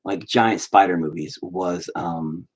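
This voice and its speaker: A man's voice: deep voice, fairly even intonation, takes it slowly, slightly rough. A man hosting a live stream, chatting casually and rambling, with heavy swearing. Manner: profane, rambling.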